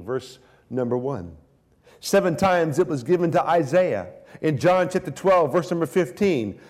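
Male preacher, slow sermon delivery, moves between quiet intensity and loud emphasis. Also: fairly high pitch. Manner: swings from hushed, drawn-out phrases to raised emphatic declarations.

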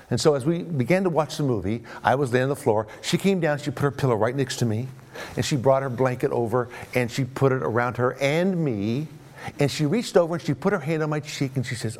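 A middle-aged man preaching a sermon as a pastor, repeating phrases for emphasis and often asking the congregation "right?". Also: medium pitch.

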